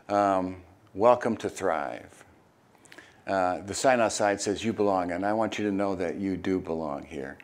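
An older man, a retired pastor, preaching a sermon and reading scripture, with hesitant asides full of fillers and sudden animated bursts. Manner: animated, jumps high and loud when acting out crowd voices.

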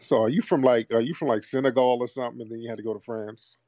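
A man's voice: medium pitch, steady tone, quick pace, warm tone, no echo. Mocking male radio host, dry sound. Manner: mocking, interrogating and teasing. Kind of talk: call-in show chat.

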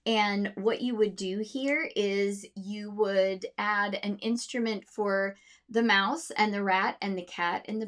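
A woman's voice: mid-range voice, a bit bright. A woman music teacher explaining how to teach music with storybooks, demonstrating sounds and voices for her students.

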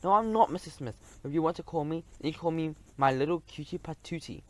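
A man's voice: on the high side, lively intonation, quick pace, fairly bright tone. A man voicing a cheeky, flirty female mouse tourist in a storybook reading. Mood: teasing.

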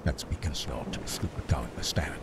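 A man's voice: very deep voice, a little fast, vocal fry, heavy background noise. A man who teases and mocks the player in a dry, scornful way. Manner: mocking, teasing.

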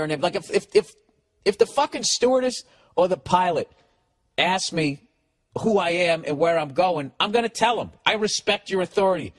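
Brief: comedian in a mocking, cursing rant, fairly high voice, lively delivery. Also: male voice. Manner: animated, swearing constantly, mocking. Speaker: comedian and podcast host. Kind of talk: profane comic storytelling rant.

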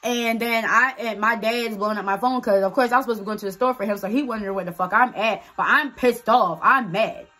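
A woman's voice: fairly high pitch, fast talker, hardly any pauses. A woman vlogger telling a personal story in a casual, blunt way, swearing freely and acting out what people said. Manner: animated, blunt, swears freely, acts out dialogue.

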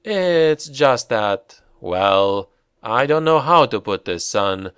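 A man reading the part of a dead father who returns, speaking slowly and gently like a patient old dad. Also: mid-range voice, lively intonation, clear, resonant tone, no room sound, clean studio sound. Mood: calm. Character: calm, ghostly older father smoking a pipe.

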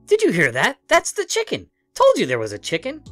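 A man voicing an angry elderly hoarder who shouts in a shrill, indignant voice. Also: huge pitch swings, a little fast, dry recording, faint music behind. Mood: triumphant.

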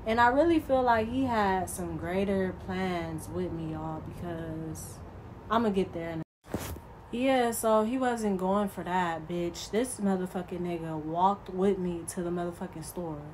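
Low-voiced woman telling a story. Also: unhurried, background noise. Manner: profane, emphatic, talks straight to viewers. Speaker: vlogger. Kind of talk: casual storytime.

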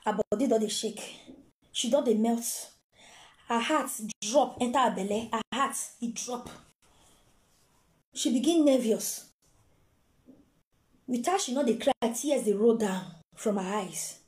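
A woman's voice: on the high side, measured pace, pauses often, roomy sound. A Nigerian woman telling a story in a casual, dramatic way, acting out the voices of the people in it. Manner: dramatic, animated, acts out quoted voices. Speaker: storyteller host.

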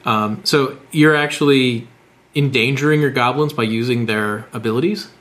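A man co-hosting a casual podcast, talking in a thoughtful, measured way about game rules. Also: mid-range voice, fairly bright tone. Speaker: podcast co-host. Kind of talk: casual podcast chat about tabletop games.

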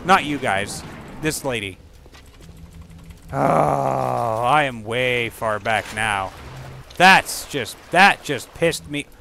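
A man giving rambling, profane let's play commentary, yelping loudly whenever the game startles him. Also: medium pitch, expressive, drawn-out words, vocal fry, pauses often, slight background noise. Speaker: gaming channel host.

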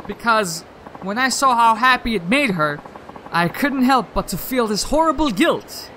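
Stammering nervous game boyfriend, read by a man; bright, animated delivery. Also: very high-pitched, a little slow, slight background noise, exaggerated voice. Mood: guilty. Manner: hesitant, stammering. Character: shy young man, nervous guilty boyfriend.

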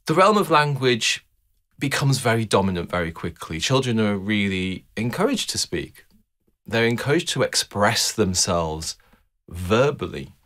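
Speaking to a camera like a teacher, a man with a somewhat low, fairly bright voice explains his ideas about music. He's conversational and thoughtful, a little slow, with big swings in pitch, frequent restarts, and questions aimed at the listener.

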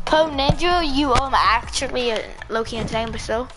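Excitable high-voiced young woman gaming. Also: normal speed. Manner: excitable, teasing. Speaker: player. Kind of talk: casual game chat. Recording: noisy game audio behind.

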